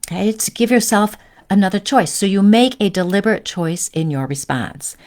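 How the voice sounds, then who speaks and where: A woman hosting a live spiritual teaching stream, speaking in a gentle coaching way and often checking in with "right?" and "okay?". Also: medium pitch, normal speed. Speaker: host.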